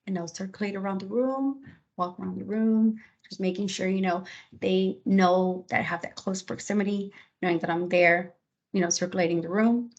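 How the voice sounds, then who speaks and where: A woman presents a classroom method to fellow teachers in a relaxed, conversational way, with plenty of fillers and asides. Her voice is husky and sits at an ordinary middle pitch. Now and then she slips into a lively teacher voice to show how she talks to her class. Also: moderate pace, highs cut off. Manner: conversational, many fillers and "you know". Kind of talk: conference presentation.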